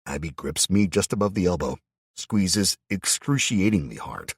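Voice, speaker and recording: A man's voice: deep voice, animated, normal speed, slightly rough, dry recording, studio quality. A man narrating a first-person audiobook in a tense, wry manner.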